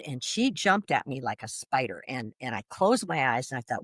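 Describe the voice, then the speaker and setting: Lively woman telling a personal story. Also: extremely low pitch, normal speed, few pauses, husky, dry recording, studio quality. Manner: animated, vivid retelling with restarts and laughs. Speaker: guest.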